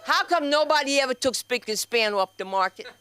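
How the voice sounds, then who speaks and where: Loud, bright New comedienne. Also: female voice, sits high, a little fast. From New York. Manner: loud, animated storytelling with acted-out quotes. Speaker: comedian and host. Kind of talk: stand-up comedy set. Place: small comedy club stage.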